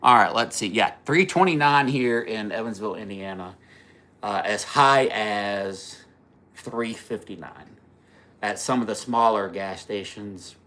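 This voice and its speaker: A man with a rather low but bright, forceful voice hosts a casual livestream chat. He rambles through personal stories and chuckles at his own jokes. Between stories he reads out and answers viewer comments. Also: a little slow. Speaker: livestream host.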